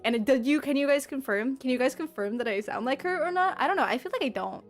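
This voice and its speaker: A woman's voice: fairly high pitch, expressive, fast, few pauses, soft background music. A young adult woman streaming live, bubbly and giggly as she reads and answers her chat. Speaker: livestreamer.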